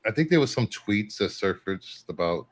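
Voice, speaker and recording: Low-voiced man, halting panel chat. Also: expressive. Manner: halting, restarts, dry.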